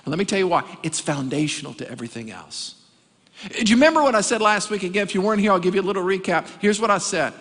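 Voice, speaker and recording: Man, pastor, high pitched, emphatic call-and-response sermon, long reverb. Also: lively intonation, fast, fairly bright tone. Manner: emphatic preaching, calls for audience responses.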